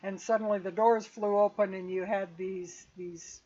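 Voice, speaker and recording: A woman running a tabletop game as game master, describing scenes in a measured way with hesitant restarts. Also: medium pitch, fairly even intonation, warm tone. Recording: dull lo-fi audio.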